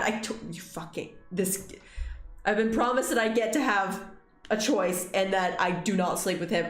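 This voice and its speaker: A young woman hosting a let's play, reading game narration aloud with expressive, swearing asides. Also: medium pitch, moderate pace, echoey room, faint music behind.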